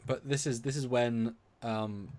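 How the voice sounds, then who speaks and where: A man's voice: mid-range voice, fairly even intonation, a little slow, darkish tone. A man co-hosting a live review stream, chatting casually and acting out quoted lines in voices.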